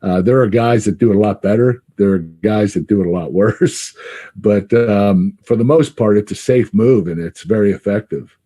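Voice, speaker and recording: A middle-aged man in a casual podcast interview, talking haltingly with many fillers and frequent laughs. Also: lowish voice, dark tone, breathy edge. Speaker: guest recalling his wrestling career.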